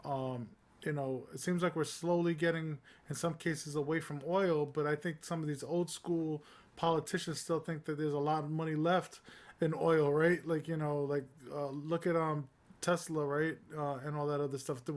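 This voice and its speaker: A man's voice: fairly high pitch, level tone, normal speed. A man co-hosting a casual news podcast, talking in a rambling, informal way with many fillers. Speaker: podcast co-host.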